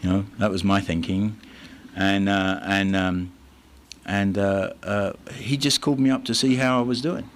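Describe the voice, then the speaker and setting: An English man with a fairly low voice shares his recovery story at a meeting. He talks haltingly, stopping and restarting with plenty of fillers. A faint hiss sits under the voice. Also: fairly even intonation.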